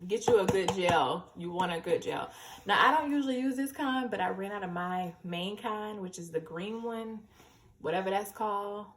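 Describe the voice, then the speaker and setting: A woman's voice: medium pitch, slight background noise. Rambling, nervous young woman vlogger. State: a little tipsy. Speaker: hair vlogger. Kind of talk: casual chatty tutorial.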